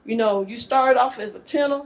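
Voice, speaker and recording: A middle-aged woman from the northern US gives a marriage workshop talk to a live group, lively and joking in casual speech. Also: on the high side, normal speed. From northern United States.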